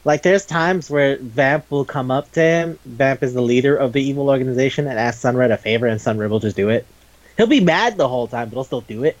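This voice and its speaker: A man podcast host reviews a show in loose, rambling chat, often stopping to restart a sentence. His voice is mid-pitched and sits close to the mic. The recording is dull and dry. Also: fairly quick, no room sound. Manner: rambling, laughing, retells scenes.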